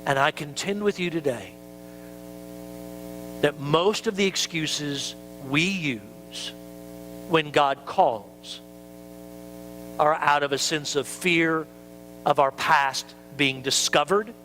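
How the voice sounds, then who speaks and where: A man's voice: fairly high pitch, takes it slowly, long pauses, bright, forceful tone, slight background noise, rough recording. A man pastor preaching a sermon in a conversational way, acting out quoted excuses.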